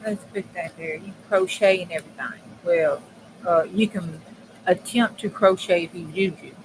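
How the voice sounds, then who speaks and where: A woman's voice: lowish voice, moderate pace. Folksy woman chatting while she crafts. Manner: folksy, chatty, talks straight to viewers with dialect phrasing. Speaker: crafting channel host. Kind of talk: casual crafting chat while working. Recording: steady background noise.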